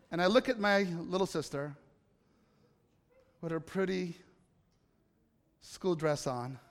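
A man's voice: high-pitched, a bit bright. A man telling a personal story to a live audience in a chatty way, often turning to ask the listeners questions. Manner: conversational, asks the audience questions. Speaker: speaker addressing an audience. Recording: reverberant hall.

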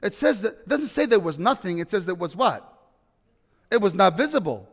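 Male pastor, high voice, dynamic sermon delivery, big reverberant hall sound. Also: big pitch swings, moderate pace, slightly rough. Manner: dynamic preaching, swings from loud to hushed storytelling.

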